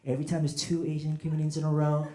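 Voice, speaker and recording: A man's voice: on the high side, monotone, racing, warm tone. A man doing a stand-up comedy set on a club stage, chatting with the crowd and acting out voices. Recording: echoey club with audience noise.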